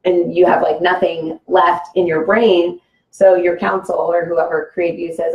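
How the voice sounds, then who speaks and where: Rambling low-voiced woman in an echoey room. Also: level tone, measured pace, muffled recording. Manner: rambling, full of "like" and "you know". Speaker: guest. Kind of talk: casual spiritual conversation.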